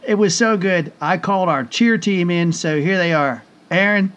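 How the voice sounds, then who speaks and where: A man's voice: high-pitched, moderate pace, few pauses, a crowd in the background, background noise. A male podcast host speaking in an exuberant, folksy way, full of exclamations. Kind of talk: enthusiastic podcast hosting.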